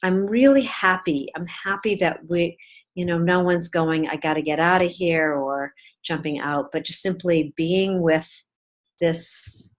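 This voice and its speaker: A woman's voice: fairly low pitch, measured pace. A woman leading a group check-in on a video call, talking in a rambling way with many fillers and restarts. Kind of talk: casual online group check-in.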